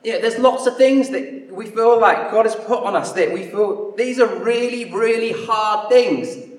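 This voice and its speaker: Unhurried and high-voiced, a man gives a storytelling sermon in a casual, conversational manner, regularly acting out the people involved. The sound comes from a distance in an echoey hall.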